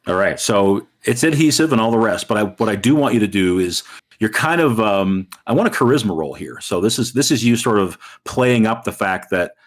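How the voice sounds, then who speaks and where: A man's voice: on the low side, animated, a little fast. Man, game master, casual, wordy, many fillers. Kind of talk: narrating a tabletop game.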